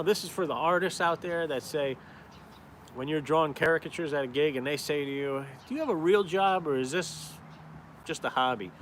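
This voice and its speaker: Heard over a noisy background, a fairly high-pitched male voice rambles to live-stream viewers. The speaker, a caricature artist and vlogger from upstate New York, swears casually as he chats from outdoors in a cold town.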